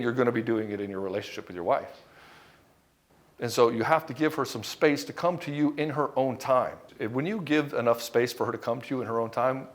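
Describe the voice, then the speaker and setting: A middle-aged man giving relationship advice straight to the camera, blunt and profane, often acting out little bits of dialogue. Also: mid-range voice. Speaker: relationship coach. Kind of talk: direct-to-camera advice monologue.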